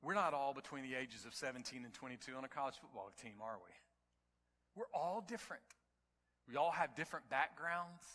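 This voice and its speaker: A man preaching a sermon to his congregation, telling stories and building to near-shouts at the climaxes. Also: mid-range voice, expressive, fairly quick, big-room sound. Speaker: pastor. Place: church sanctuary.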